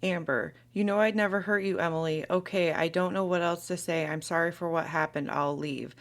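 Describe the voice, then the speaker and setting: A synthetic woman's voice reading text messages aloud, taking both sides of an argument in an even, computer-like delivery. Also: lowish voice, fairly quick.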